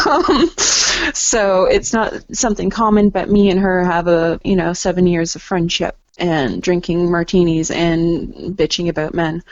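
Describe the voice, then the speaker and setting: A woman's voice: fairly low pitch, measured pace, no room sound, highs cut off. A woman photographer and artist talking in a casual podcast chat, candid and laughing often, with some casual swearing.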